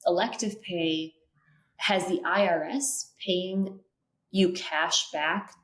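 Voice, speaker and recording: A woman's voice: on the low side, steady tone, slow pace, a bit bright. Earnest woman guest in an echoey room. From Minnesota. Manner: earnest, many filler ums and restarts. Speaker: guest, clean energy policy strategist. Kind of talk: podcast interview. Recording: roomy echo.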